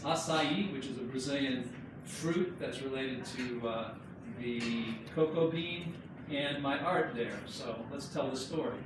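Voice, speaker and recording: A man with a somewhat high voice tells a chatty, joking story while presenting his book. He is picked up from across a very echoey room, and background noise runs under his words. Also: recorded from a distance. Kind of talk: informal slideshow talk to friends and family.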